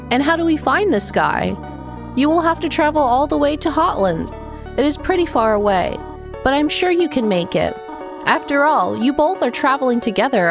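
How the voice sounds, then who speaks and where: Brief: woman voicing a formal, tender motherly queen. Slow, gentle delivery over game music. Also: high voice. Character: gentle motherly female goat queen, sorrowful. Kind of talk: reading game dialogue aloud.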